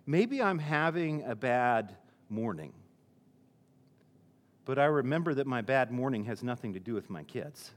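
A man's voice: medium pitch, lively intonation, measured pace, long reverb tail. A male pastor preaching a sermon in a conversational way, often restarting his sentences and using fillers.

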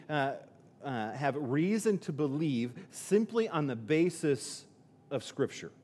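Man preaching in a reverberant hall. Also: a little high. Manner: conversational, repeats words and restarts, acts out quotes. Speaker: pastor. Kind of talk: sermon.

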